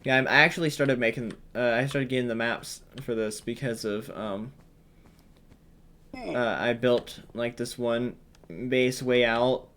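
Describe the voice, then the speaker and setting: A man giving casual gameplay commentary, thinking aloud with lots of ums and sudden excited bursts when an idea strikes. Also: medium pitch, measured pace.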